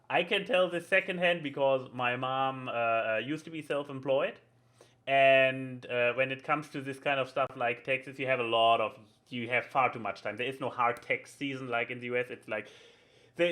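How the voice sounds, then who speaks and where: A man's voice: mid-range voice, pushed and bright. A man with a German accent, co-hosting a podcast in casual chat, talking with frequent fillers and restarts. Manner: talks with many fillers and restarts. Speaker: podcast co-host.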